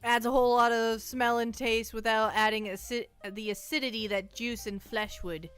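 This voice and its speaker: A woman's voice: fairly high pitch, fairly even intonation, moderate pace, a bit bright, clear, resonant tone, no echo, soft background music. A young woman streaming, casually chatting with her viewers in a self-mocking, talkative way. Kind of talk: casual livestream chat.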